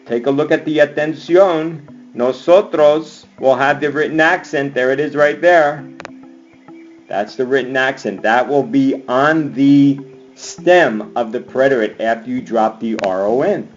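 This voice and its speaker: On a screencast recorded through a computer mic, a male Spanish teacher runs through a grammar lesson, upbeat and chanting verb endings like a cheer. His mid-range voice moves at an unhurried pace, and the lo-fi audio carries soft background music.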